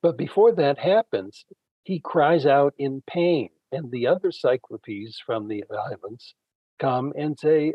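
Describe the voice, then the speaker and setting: A man, a Bible scholar guest, retelling ancient stories in an unhurried conversational way with frequent fillers. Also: mid-range voice, breathy edge, no echo, narrow, tinny audio. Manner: unhurried storytelling, frequent fillers, acts out quoted characters.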